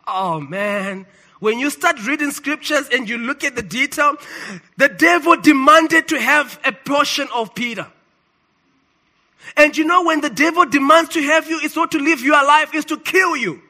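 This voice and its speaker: A man preaching a sermon, emphatic and swinging between loud declarations and quiet asides. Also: very high-pitched, moderate pace.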